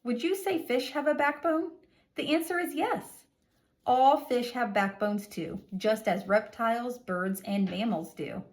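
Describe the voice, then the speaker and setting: A woman teacher reading a lesson aloud to young children, with an expressive, sing-song delivery and exaggerated emphasis. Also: a little high, measured pace.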